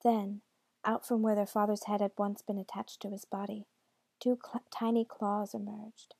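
Hushed, gravelly woman reading a story. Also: mid-range voice, flat delivery, normal speed, dry recording. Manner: hushed, intimate narration.

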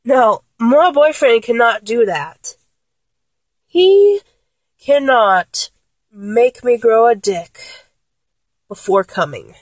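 A woman's voice: fairly high pitch, expressive, slow pace, pauses often, no echo. A young woman voice actor playing a flustered, blunt young woman in a one-sided audio role-play, exasperated, stammering and swearing.

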